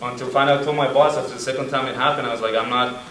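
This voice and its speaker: A young man with an accent telling a lively story at a veterans' panel, often laughing and acting out voices. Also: medium pitch, rapid-fire. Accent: non-native accent. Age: young adult. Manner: animated, laughing, acts out voices in anecdotes. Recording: echoey room, mic far off, faint noise.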